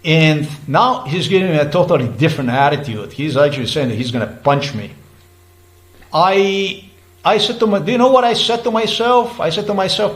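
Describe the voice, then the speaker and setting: A man's voice: fairly high pitch, sing-song, normal speed, rough recording. A man giving an agitated personal account, talking in repetitive restarts and swearing when heated. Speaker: vlogger recounting a roadside dispute.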